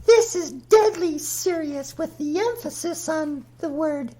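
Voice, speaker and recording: A man's voice: very high-pitched, slow pace, voice pushed up, heavily acted. Man putting on a lofty Mother Nature voice. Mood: lofty, grave. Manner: lofty, solemn pronouncements. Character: Mother Nature, grand stern ancient female spirit. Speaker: podcast guest character.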